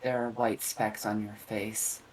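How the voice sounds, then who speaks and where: A podcast co-host with a dry, teasing, deadpan way of talking in casual chat. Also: mid-range voice, a little slow, a little hiss or hum. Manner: dry, teasing, calls partner "darling".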